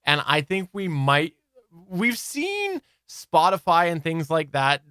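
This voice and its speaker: A man co-hosting a live podcast chat, talking in an animated, casual way and laughing easily. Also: fairly high pitch, takes it slowly, smooth, dry recording, clean studio sound. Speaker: podcast co-host.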